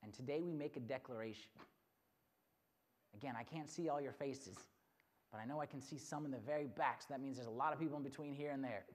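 A retreat speaker giving a storytelling sermon, lively and animated, who acts out the characters. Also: mid-range voice, fast.

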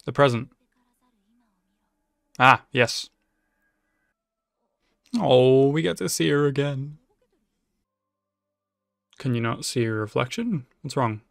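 A man's voice: mid-range voice, slow pace, gravelly, pauses often, fairly bright tone, dry recording, studio quality. A man giving emotional live reaction commentary on an anime, swearing freely and talking back to the screen. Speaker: anime reaction channel host.

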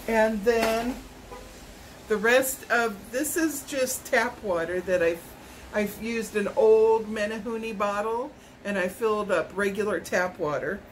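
A woman's voice: medium pitch, slow, slight background noise, poor audio. A woman, vlogging a casual product unboxing at home, chatty and rambling with self-corrections. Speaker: YouTube vlogger.

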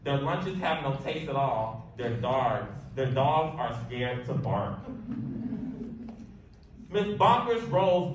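Guy reading a kids' rhyming book, sing-songy, kinda high voice, sounds far from the mic. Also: slow. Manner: lively, sing-song delivery with big pitch jumps. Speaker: storybook reader. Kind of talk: rhyming picture-book read-aloud. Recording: echoey room, voice off-mic, faint hiss.

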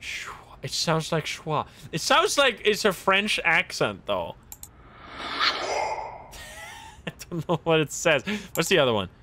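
A young man livestreaming a game, thinking aloud in casual commentary, excitable and quick to laugh and exclaim. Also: on the high side. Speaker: streamer playing a game. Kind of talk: casual live gameplay commentary.

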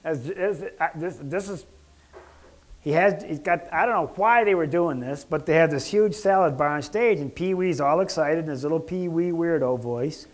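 Male doctor lecturing, jokey, rambling, throat-clearing, slightly high voice. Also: normal speed. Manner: joking, rambling, clears his throat often. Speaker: doctor giving a health lecture. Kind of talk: casual lecture with anecdotes.

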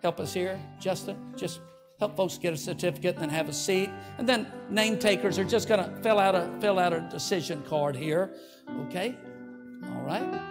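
A man's voice: sits high, normal speed, over music. Older male pastor giving an altar call. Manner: earnest, leads prayer, coaxing invitation. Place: church sanctuary.

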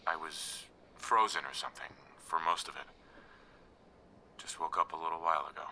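A very deep, weary game survivor. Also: male voice, fairly even intonation, normal speed, a little hiss or hum, exaggerated voice. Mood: somber. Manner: subdued, quiet, heavy-hearted. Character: weary male survivor woken from long cryo-sleep. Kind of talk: game character dialogue.

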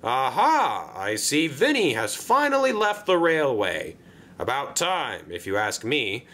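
A man's voice: medium pitch, wildly swooping pitch, a little slow, bright, forceful tone, exaggerated voice. A man doing a stern, scolding railway boss.

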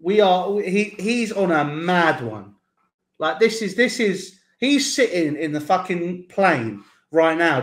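A man hosting a casual football talk show, excited and stumbling over his words. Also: sits high, slow, a little hiss or hum. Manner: excited, stumbling restarts, swearing. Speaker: host.

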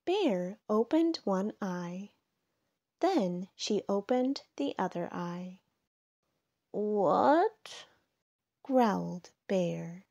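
A woman reading a children's storybook aloud, gentle and expressive. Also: medium pitch, slow, no echo, studio quality. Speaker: storybook reader.

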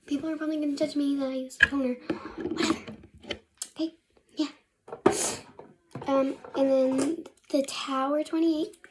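A woman's voice: high-pitched, level tone, moderate pace, pauses often, very noisy. A young female vlogger talking casually through her bedtime skincare routine, rambling and often half-whispering to herself. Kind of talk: casual get-ready-with-me vlog.

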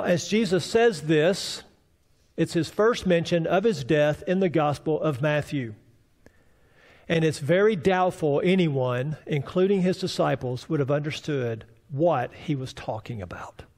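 A man's voice: a little high, darkish tone. A man preaching a sermon as pastor, building to fervent, rising declarations. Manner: preaching with rising fervor and mock voices of doubters.

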